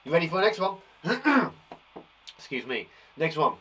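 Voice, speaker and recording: A man from England leading a live phonics lesson for young children, sounding out words slowly with a blocked nose and an encouraging manner. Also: on the high side, very animated, a bit bright, husky. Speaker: primary school teacher.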